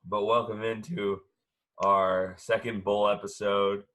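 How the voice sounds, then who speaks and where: Halting man with a bright, forceful voice. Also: lowish voice, level tone. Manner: halting, many filler sounds. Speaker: co-host. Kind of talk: casual sports podcast chat. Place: at home.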